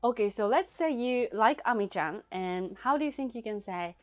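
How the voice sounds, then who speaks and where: A woman whose first language is Japanese, teaching a casual language lesson and patiently repeating example phrases slowly and clearly. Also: fairly high pitch, animated, soft background music.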